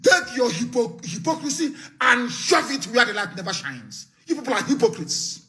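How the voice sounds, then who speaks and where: A man with a Nigerian accent giving an impassioned live broadcast address. He sounds fiery and scornful, repeats phrases for emphasis and bursts into shouting. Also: very high-pitched, very animated, normal speed. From southeastern Nigeria. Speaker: activist leader.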